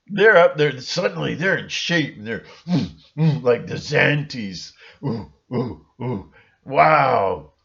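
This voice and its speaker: Man, slow rambling sarcastic talk, lo-fi muffled recording. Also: creaky, fairly bright tone. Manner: sarcastic, rambling, with sudden shrill outbursts and laughs. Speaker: channel host. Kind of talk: rambling satirical monologue.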